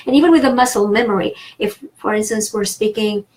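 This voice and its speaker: A woman with a French accent teaching a language lesson, talking slowly and deliberately and stretching her vowels. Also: medium pitch, a little mellow, rough recording.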